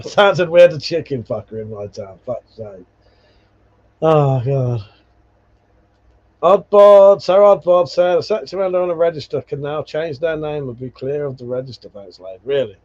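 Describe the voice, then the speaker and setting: Swearing bloke on a lo-fi stream. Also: male voice, fairly high pitch, normal speed, darkish tone. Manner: swearing, laughing, rambling anecdotes. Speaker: livestream host. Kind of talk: casual livestream chat reading viewer comments. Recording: dull lo-fi stream audio.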